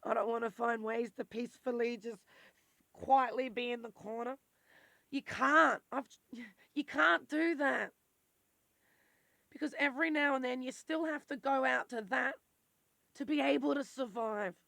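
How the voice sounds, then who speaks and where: A woman's voice: a little high, normal speed, creaky, no echo. A woman talking in a raw, emotional confessional vlog and swearing freely. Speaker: vlogger.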